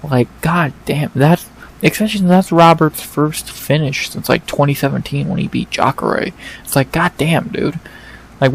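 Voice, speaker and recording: A man hosting an MMA fight recap in a casual, excited way, swearing often and repeating himself. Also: a little high, creaky, rough recording.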